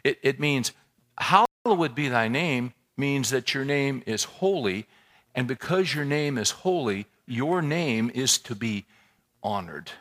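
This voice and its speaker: A male pastor preaches a sermon in a church. He talks casually and asks the congregation questions, repeating words as he builds a point. His pitch leaps high and falls low as his delivery rises and sinks. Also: measured pace. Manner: conversational, animated preaching with rhetorical questions and repetitions.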